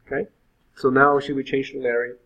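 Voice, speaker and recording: A man's voice: medium pitch, flat delivery, brisk, sharp tone. A male web instructor giving an informal live coding lecture, thinking aloud with frequent fillers. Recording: phone-like lo-fi sound.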